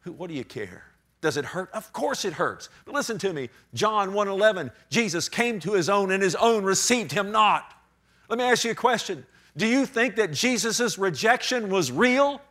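A male pastor with a high voice preaches a sermon at a normal speed and with animated delivery. He swings from loud emphasis to a near-whisper and acts out short voices of the people in his stories.

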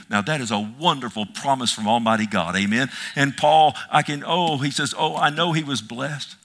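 A man delivering a sermon as pastor, his voice bright and forceful at a middling pitch. He repeats his lines for emphasis and calls out amen to the congregation. He swings between ringing declarations and near-whispered asides. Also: moderate pace, few pauses. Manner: emphatic, swinging from loud proclamations to hushed asides.

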